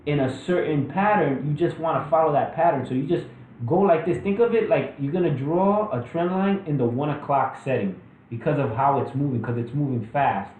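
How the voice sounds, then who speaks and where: A man's voice: a little high, fairly quick, reverberant, narrow, tinny audio, a little hiss or hum. A man casually walking through stock charts in a trading lesson, loose and full of fillers and restarts. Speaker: trading educator. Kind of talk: screen-share stock chart walkthrough.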